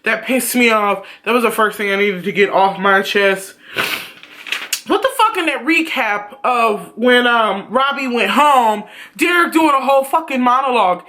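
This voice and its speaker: A man giving a blunt, profane, animated ranting review on his vlog. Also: very high-pitched, moderate pace. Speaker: YouTube reviewer.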